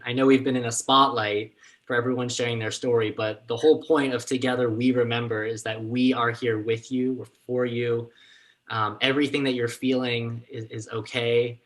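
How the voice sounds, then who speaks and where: A man moderating a virtual summit, speaking in a gentle, reassuring, unhurried way over a video call. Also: medium pitch.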